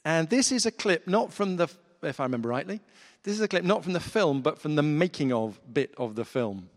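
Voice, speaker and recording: A man's voice: a little high, animated, fairly quick. Earnest preacher man in a reverberant hall. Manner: earnest, conversational with fillers. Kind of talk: sermon.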